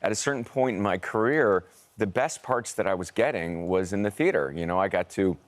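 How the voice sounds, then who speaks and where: A middle-aged American man, an actor being interviewed, telling rambling, animated anecdotes. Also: lowish voice, a little fast. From United States. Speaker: actor guest. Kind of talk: conversational interview storytelling.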